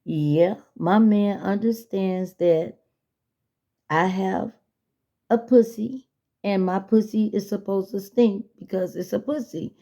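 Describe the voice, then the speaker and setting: A woman's voice: mid-range voice, slow pace, mellow. A woman voicing her blunt, dismissive female friend who talks in a stubborn, matter-of-fact way.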